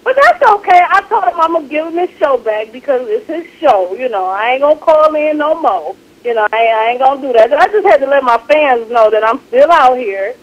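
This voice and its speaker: Feisty, lively-voiced woman caller. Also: sits high, a little fast, few pauses, poor audio. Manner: feisty, sassy, talks over others. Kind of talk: casual call-in chat.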